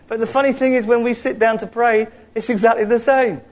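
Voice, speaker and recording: A man preaching a lively, jokey sermon to a church. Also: extremely high pitch, normal speed. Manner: animated, jokey preaching with mocking put-on voices.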